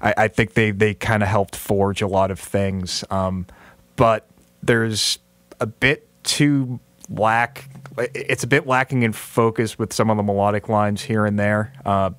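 Man, lowish voice, hesitant rambling chat, dry sound. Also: a bit bright, no room sound. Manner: halting, many fillers. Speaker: podcast co-host. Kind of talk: casual chat.

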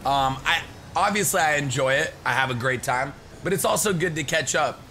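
A young man giving excited live gameplay commentary, shouting and laughing as he plays and chats to viewers. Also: a little high, moderate pace, slight background noise. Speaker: gaming YouTuber.

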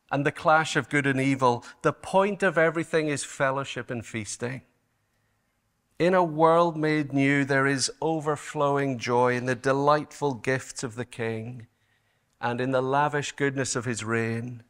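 A man's voice: fairly high pitch, fairly bright tone. A man preaching a sermon at a conference, in an earnest, emphatic manner, often repeating words for stress. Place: conference hall.

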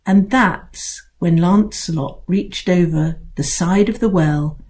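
An older woman, an author, reading her own children's book aloud in an expressive, playful way. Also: on the low side, slow.

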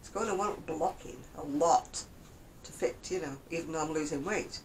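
A woman's voice: low-pitched, normal speed, slight background noise, low-quality recording. An older woman chatting casually about her knitting in a rambling, self-deprecating way. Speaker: craft vlogger. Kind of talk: casual knitting chat to camera.

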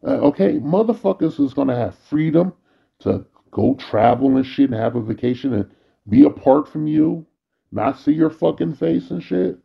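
A man rants into the camera in a bitter, worn-out monologue that is thick with cursing. His voice is gravelly and husky. The recording sounds dull and lo-fi. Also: on the high side, expressive, normal speed. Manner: bitter, weary ranting, frequent cursing. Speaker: vlogger. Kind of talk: angry profane monologue.

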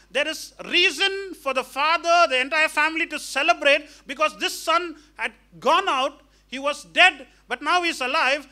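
A man's voice: very high voice, sharp tone. A male pastor preaching a sermon emphatically, questioning the congregation and acting out the characters of a parable. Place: church hall.

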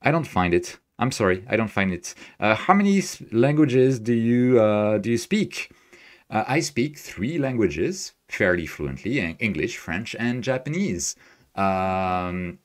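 Guy with a kinda low voice talking through his screen on a live stream, upbeat, reads chat. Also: very animated, measured pace. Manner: thinking aloud, upbeat, chatty with viewers. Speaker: astrophotography streamer. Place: home desk, Tokyo.

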